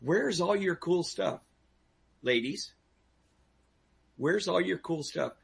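A gravelly, husky-voiced man, somewhat high for a man, lectures a talk show audience on personal safety. He talks emphatically, stumbles into restarts, and keeps firing questions at the listeners. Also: expressive, slow pace. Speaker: personal safety instructor, guest.

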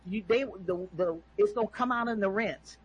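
A woman's voice: medium pitch, normal speed, slightly rough, muffled recording. A woman calling in, talking emphatically and preachily about her views and often asking "okay?". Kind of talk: impassioned opinion talk.

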